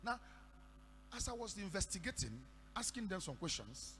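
A Nigerian man preaching a sermon, telling stories and breaking into shouted declarations. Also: sits high, sing-song, normal speed. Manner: storytelling with sudden shouted declarations. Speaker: pastor. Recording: echoey hall with faint hum.

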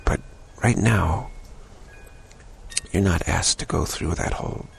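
A male spiritual teacher speaking slowly in a very low voice. His tone is strongly gravelly and creaky. He repeats phrases as he talks. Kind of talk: spiritual talk.

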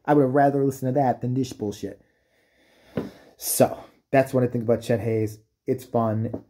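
A man rants into the camera for his vlog, cursing freely and mocking his subject as he goes. His voice is very dark and mellow, with a husky, slightly rough edge. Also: mid-range voice, fairly even intonation, normal speed. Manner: profane, mocking rant with put-on impressions. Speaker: vlogger. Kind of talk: ranting commentary.

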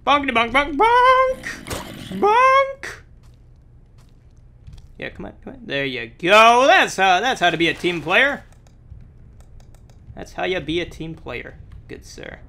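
A young man doing let's play commentary, excitable and exclamatory, a little sick with a sore throat. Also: high-pitched, measured pace, creaky, long pauses, a little hiss or hum. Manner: excitable, exclamatory, talks to the game. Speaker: gameplay commentator.

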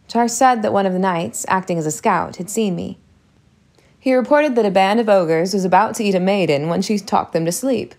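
A woman reading a storybook aloud as narrator, in a steady, measured way. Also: mid-range voice. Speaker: audiobook reader.

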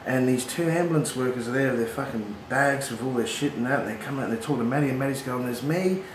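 A man's voice: medium pitch, fast talker. Swearing Australian man telling a yarn. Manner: swearing, animated, laughs at his own yarns. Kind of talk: casual storytelling. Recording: echoey room with clear background noise.

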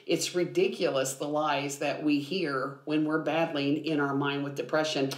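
A woman's voice: low voice, steady tone, moderate pace. A woman biblical counselor explaining things earnestly in a podcast conversation, with frequent ums. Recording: roomy echo.

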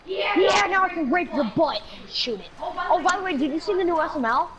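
Very high-voiced woman swearing through a game. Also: expressive, fairly quick, a crowd in the background. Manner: profane, teasing, bursts into shouts. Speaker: gamer. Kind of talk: casual gaming banter. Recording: loud game noise behind voice.

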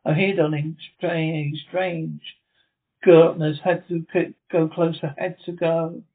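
A man's voice: a little high, level tone. A man reading a delirious, freezing astronaut. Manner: halting, dazed. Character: feverish astronaut, cold and delirious. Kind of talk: amateur script reading. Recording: tinny phone-like sound.

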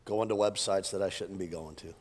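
A man preaching an energetic, joking sermon to a congregation, his voice worn thin from preaching many services, swinging between loud jabs and quiet asides. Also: sits low, fairly quick. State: losing his voice. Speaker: pastor. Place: church auditorium with live congregation. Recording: long hall reverb.

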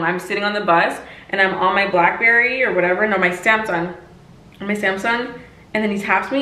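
A woman's voice: medium pitch, steady tone, fast, bright, forceful tone. A woman in her twenties giving casual, emphatic advice in a chatty vlog, often repeating herself. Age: 20s. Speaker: lifestyle vlogger. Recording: echoey room.

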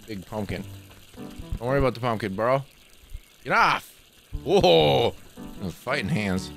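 A man runs a gaming channel, delivering playful, excitable let's-play commentary packed with trash talk. His voice is lowish and creaky.

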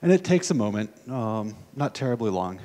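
A man's voice: on the low side, very animated, moderate pace, dark tone. An American man at a conference, talking casually through a live coding demo and thinking aloud as he types. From United States. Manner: casual, thinking aloud while typing, many fillers. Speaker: conference speaker. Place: conference hall. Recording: long hall reverb from a conference room.

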